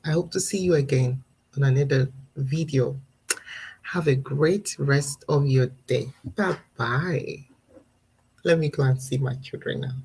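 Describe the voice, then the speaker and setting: A woman's voice: a bass voice, normal speed, dark tone, husky, low-quality recording. A woman in her thirties, a mother sharing earnest, reflective thoughts in a casual live video and laughing now and then between points. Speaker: parenting vlogger. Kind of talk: casual live-stream talk.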